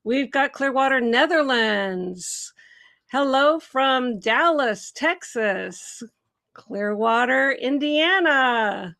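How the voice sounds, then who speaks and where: A woman's voice: high-pitched, lively intonation, drawn-out words, bright, forceful tone. A middle-aged woman from the Seattle area hosting a live Q&A stream, bubbly and laughing often as she greets viewers and reads their comments. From Seattle area, USA. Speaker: host.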